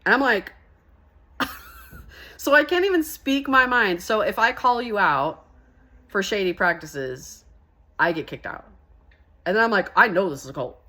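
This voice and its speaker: A young woman telling a story in a casual vlog, animated and sassy, laughing often between lines. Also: medium pitch. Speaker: vlogger.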